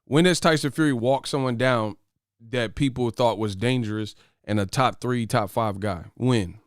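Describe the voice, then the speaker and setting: A brash man riffing straight to his viewers, profane and mocking as he trash-talks a fighter. His voice sits at an ordinary pitch for a man, recorded close and dry with no room around it. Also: normal speed, clean tone, no echo. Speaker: host of a boxing commentary channel. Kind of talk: casual commentary to camera.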